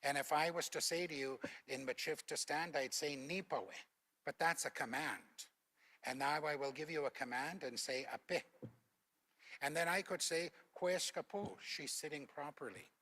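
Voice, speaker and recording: A man's voice: fairly high pitch, fairly even intonation, moderate pace, pushed and bright. An older man from Alberta, a former Cree teacher, explains language points in a panel talk with patient, instructive anecdotes. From Alberta, Canada.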